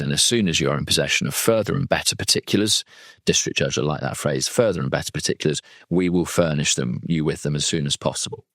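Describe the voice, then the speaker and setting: A man's voice: rumbling low, a bit bright, no echo, clean studio sound. A man, a legal trainer and former defence lawyer, talking through a case in a chatty, digressive way with plenty of asides. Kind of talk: conversational legal training talk.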